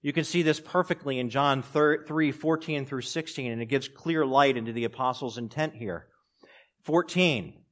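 A man preaching a sermon, swinging between loud, raised passages and quiet, low asides. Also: moderate pace. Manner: preaching with strong rises and drops in pitch and loudness. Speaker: pastor.

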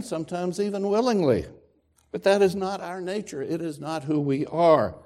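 A man preaching a sermon to a congregation, emphatic and deliberate with dramatic pauses. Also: a little high, a little mellow. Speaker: pastor. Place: church sanctuary with congregation.

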